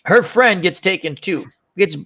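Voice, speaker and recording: A man hosting a casual chat show, talking about movies with animated retellings. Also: high-pitched, unhurried, highs cut off. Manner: animated, acts out movie scenes in voices. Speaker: show host.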